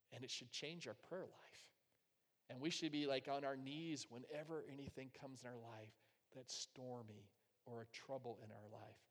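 A man preaching a sermon, emphatic, swinging from loud, driving swells to hushed, quiet asides. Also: mid-range voice, fairly even intonation, measured pace, long reverb tail. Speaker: pastor.

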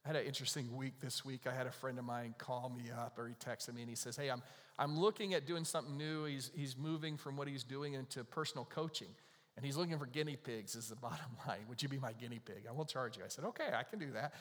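A man preaching a sermon in a conversational way, with emphatic bursts that drop to soft, quiet lines. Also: medium pitch, quick pace. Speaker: pastor. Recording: long hall reverb.

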